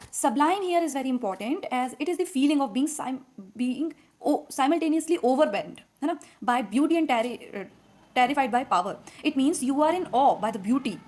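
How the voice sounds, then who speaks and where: Woman, Indian English accent, fairly high voice, a cold in her throat; patient lecturing teacher, step-by-step explanations with frequent fillers. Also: a little mellow. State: has a cold. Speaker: literature teacher. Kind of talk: classroom lecture.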